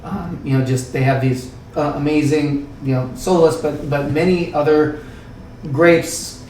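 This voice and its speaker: A man who works as a winemaker talks in a rambling, casual way full of fillers and restarts, with a croaky throat. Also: a little high, measured pace, a little mellow, slight background noise. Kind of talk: casual podcast chat. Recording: roomy sound, distant mic.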